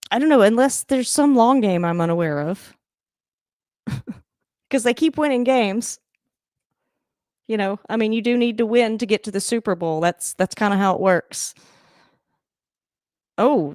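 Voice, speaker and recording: A woman hosting a casual livestream reaction to a football game, chatty and rambling, laughing often and breaking into sudden excited outbursts. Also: on the high side, no echo, studio quality. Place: home room, moving around the camera.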